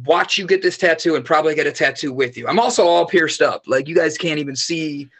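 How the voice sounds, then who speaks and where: Rambling, animated man telling stories. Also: fairly high pitch, a little fast. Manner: rambling, animated storyteller, swears freely. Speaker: podcast guest. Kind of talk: casual chat.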